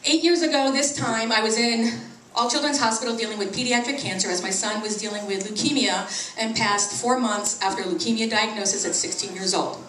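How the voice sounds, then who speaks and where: Middle-aged female comic, fairly high voice, roomy live sound from off-mic. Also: brisk, far from the mic. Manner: animated, acts out quoted voices with big pitch jumps. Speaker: stand-up comedian. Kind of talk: stand-up comedy. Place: small tea house open mic.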